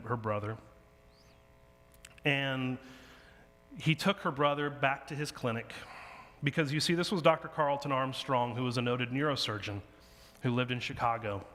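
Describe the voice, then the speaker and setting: A man delivers a sermon in a big hall whose long reverb trails after his words. He tells a story with lively delivery, slipping into the voices of the people in it. His voice sits at an ordinary middle pitch for a man. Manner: animated storyteller acting out dialogue. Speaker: pastor.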